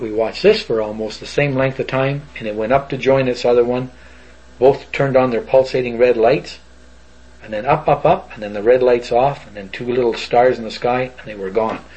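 A man's voice: mid-range voice, darkish tone, slightly rough. An older man from Northern Ontario, telling an eyewitness story in a rambling, folksy way and acting out other people's voices. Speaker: eyewitness recounting a sighting. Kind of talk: casual spoken storytelling. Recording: dull lo-fi recording.

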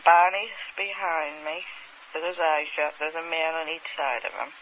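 High-voiced guy telling what happened to him, stops and repeats words a lot, muffled old tape w a bit of hiss. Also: fairly even intonation. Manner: halting, hesitant, often repeating words. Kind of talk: recounting a remembered encounter in first person.

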